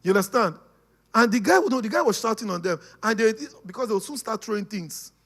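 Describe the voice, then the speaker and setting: A man giving a lively, casual teaching talk, laughing often and checking that his listeners follow. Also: high voice, brisk. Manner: animated, laughing, acts out quoted voices, keeps asking "you understand?". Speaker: speaker on personality types.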